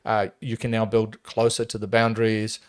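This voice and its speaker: A man, talking as a guest in a casual podcast interview, emphatic and animated with frequent restarts. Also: lowish voice, moderate pace. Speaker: property developer guest.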